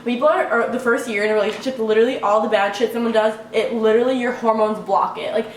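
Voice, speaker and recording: Brief: young woman vlogger, quick and rambling, high voice, mic at a distance with faint ambience. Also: steady tone, a little hiss or hum. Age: young adult. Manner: rambling, full of "like", swears freely. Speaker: vlogger giving relationship advice. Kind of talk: casual advice vlog. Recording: echoey room, away from the mic, faint ambience.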